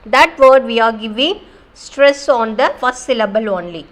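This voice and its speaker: A woman teacher with a Kerala Indian English accent explaining a grammar lesson, pausing with fillers and asking if students follow. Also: fairly high pitch, a bit bright, poor audio. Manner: explains slowly with many fillers and check-ins. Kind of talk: recorded online English lesson.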